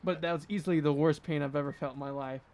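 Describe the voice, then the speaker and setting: A man's voice: a little high, quick pace. Laughing young man telling a story. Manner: animated, laughing storyteller acting out quotes. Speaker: podcast co-host. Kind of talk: casual storytelling chat.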